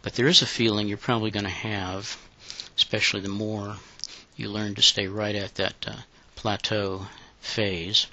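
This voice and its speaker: Man, flat and bright, breathy halting guide voice, lo-fi. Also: lowish voice. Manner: breathy, halting, unhurried delivery. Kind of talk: intimate guided audio instruction. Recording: dull lo-fi recording.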